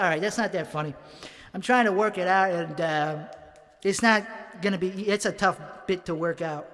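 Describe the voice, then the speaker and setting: A man with a high, bright-sitting voice rambles through a solo monologue, swearing constantly and second-guessing his own material. He speaks in a put-on accent. He is recording alone in a home studio. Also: normal speed, big-room sound. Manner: profane, rambling, self-critical. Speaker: comedian working out bits.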